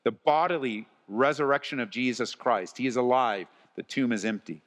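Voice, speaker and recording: A man preaching a live church sermon as pastor, moving between quiet earnest passages and rising, loud exhortation. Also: fairly low pitch, moderate pace. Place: church sanctuary. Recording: long reverb of a large hall.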